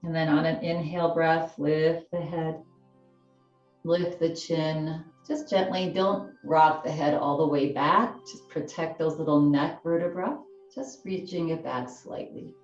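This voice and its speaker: A woman teaches chair yoga in a low, mellow voice, guiding the class with soft and soothing cues. She takes her time over every instruction. The room sounds roomy and a little dull, she is heard from some way off the mic, and faint music plays behind her. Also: a little slow, recorded from a distance.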